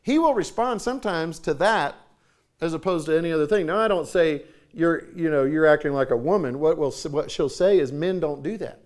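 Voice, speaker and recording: A middle-aged man with a drawl delivers a brisk sermon at a church conference in the sanctuary. His voice sits a little high for a man, and he tells folksy stories, slipping into voices for the people in them.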